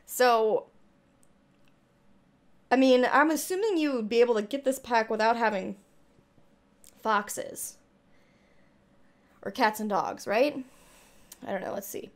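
A young woman gaming YouTuber reacts to a trailer and reads it aloud, her voice on the high side. She takes it slowly and pauses often, gushing, squealing with excitement and a little out of breath.

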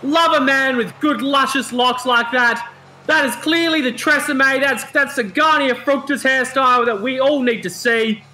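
A man doing casual color commentary on a wrestling video game, joking and excitable. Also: extremely high pitch, normal speed, hardly any pauses.

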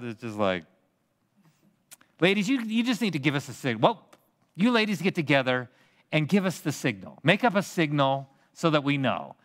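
A male pastor preaching an expository sermon in a church, talking in an animated, conversational way and joking with the congregation. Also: on the high side, long reverb tail. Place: church sanctuary.

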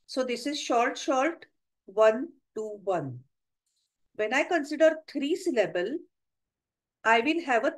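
Woman, Indian English accent, middle-aged, slightly high voice, methodical webinar lecturer. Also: rough recording. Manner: methodical, counts through examples step by step. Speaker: webinar presenter on math history. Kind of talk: lecture with slides.

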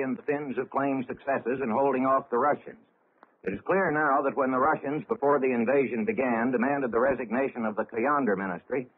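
A man reading a 1930s radio news bulletin in a measured, formal way with dry, wry asides. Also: mid-range voice, slightly rough. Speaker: radio newscaster. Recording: tinny lo-fi 1930s radio broadcast.

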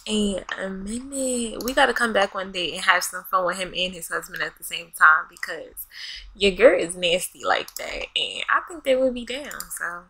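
A woman's voice: medium pitch, lively intonation, moderate pace, sharp tone, husky, rough recording. A young woman giving casual, playful let's-play commentary, laughing often and talking back to the game characters in slang. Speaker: gaming YouTuber.

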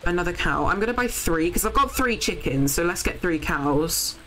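A young woman commentating her game live, bouncing between bursts of excitement and offhand swearing as she talks to her chat. Her voice sits a little low but swoops widely in pitch, with faint game music underneath. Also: moderate pace, poor audio. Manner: excitable, swears freely, chats to viewers. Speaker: streamer.

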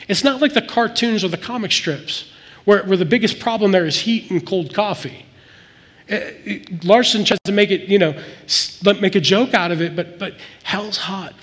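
Earnest male pastor in a reverberant church. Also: on the high side. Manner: earnest, conversational preaching with plain-spoken asides. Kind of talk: sermon. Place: church sanctuary. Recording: church hall with long reverb.

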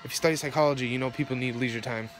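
A young man talks into his phone outdoors in the cold, shivering and rambling in a profane, heated rant. His voice sits in an ordinary middle pitch. Clear traffic noise runs behind him on this rough phone recording. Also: steady tone, very fast. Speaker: vlogger. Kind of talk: casual rambling rant to camera. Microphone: phone camera.

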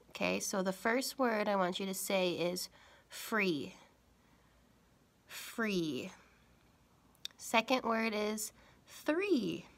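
A young adult woman teaching a phonics lesson to young children, speaking clearly and encouragingly. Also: medium pitch, fairly bright tone.

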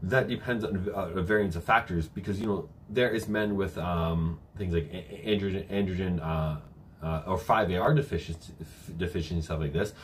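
A young man at home reads chat questions aloud during a live-stream Q&A and coaches viewers with casual, filler-heavy answers. He has a low voice at normal speed and is briefly out of breath. The audio has a little hiss or hum.

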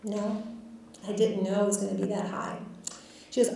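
Her voice medium in pitch, level, mellow and creaky, a guest speaker who is a physician recounts a patient's case to a lecture audience at a moderate pace with long pauses. She is frank and reflective and uses many fillers, recorded at a distance in an echoey hall.

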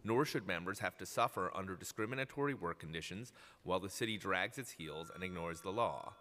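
Guy reading testimony at a council hearing, firm and measured, long echo in the chamber. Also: low-pitched, lively intonation, sharp tone, slight background noise. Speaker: union representative testifying. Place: council chambers at city hall.

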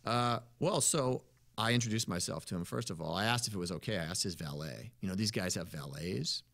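Man, musician guest; bright, forceful tone; laid-back rambling storyteller. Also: low voice, animated, brisk, gravelly. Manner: easygoing, rambling, peppered with "you know" and "man". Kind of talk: casual interview storytelling.

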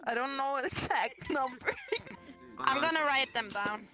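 Relaxed woman chatting in a game. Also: high voice, moderate pace, over music, poor audio. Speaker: player in virtual chat. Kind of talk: casual chat.

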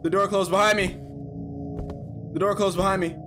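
A man's voice: sits high, steady tone, normal speed. A young man chatting casually through a horror game, joking with nervous bravado. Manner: jokey, nervous bravado, shouts when startled. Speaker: gaming YouTuber. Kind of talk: casual let's-play commentary. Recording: music playing behind.

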